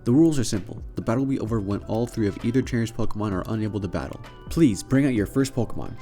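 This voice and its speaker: A serious, confident gym leader who takes charge of the match, voiced by a male storyteller. His tone is calm and low, with a relaxed darkness and faint music under it. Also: fast, lightly acted.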